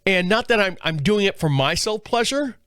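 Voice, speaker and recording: A man's voice: high voice, animated, moderate pace, a bit bright, clear, resonant tone, no echo, studio quality. A man hosting a podcast, telling a long story in a casual, rambling way with frequent restarts. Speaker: podcast host.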